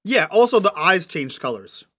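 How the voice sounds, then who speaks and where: A man's voice: high-pitched, very animated, moderate pace, bright, forceful tone. A man narrating a tabletop game as game master, describing scenes patiently and checking what the players mean.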